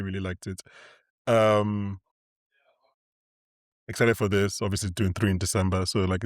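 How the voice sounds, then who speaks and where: Fast-talking male podcast host. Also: fairly low pitch, dry recording, studio quality. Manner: rapid, animated, laughs often. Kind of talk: casual film chat.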